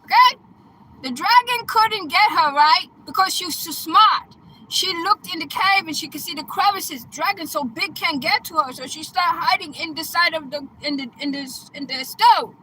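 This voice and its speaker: A woman coach casually retelling a film plot in an excitable, chatty way, laughing and breaking into loud exclamations. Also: very high-pitched, moderate pace, slight background noise, poor audio. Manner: chatty, checks in with "right?" and "okay?".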